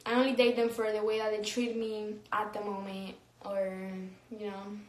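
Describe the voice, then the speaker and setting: A woman's voice: mid-range voice, completely flat delivery, moderate pace, reverberant. A young woman chatting casually on a phone livestream, reading comments, slangy and laughing often. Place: room, recording a phone livestream.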